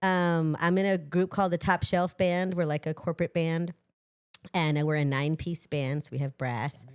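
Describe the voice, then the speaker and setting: A middle-aged woman from Los Angeles talks casually as a podcast guest. Her voice sits on the low side, animated and self-mocking, with frequent laughs. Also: normal speed, clear, resonant tone.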